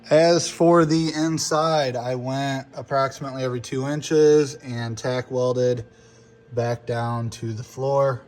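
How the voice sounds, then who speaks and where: Hoarse young man explaining his car build. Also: mid-range voice, fairly even intonation, takes it slowly, darkish tone. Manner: casual, explanatory, occasional swearing. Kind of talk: casual how-to narration. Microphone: phone.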